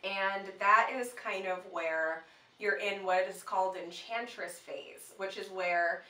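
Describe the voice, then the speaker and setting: Woman, co-host, casual chat, chatty, bright tone, echoey room. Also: mid-range voice, takes it slowly. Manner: chatty, uses many fillers. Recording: echoey room, mic at a distance.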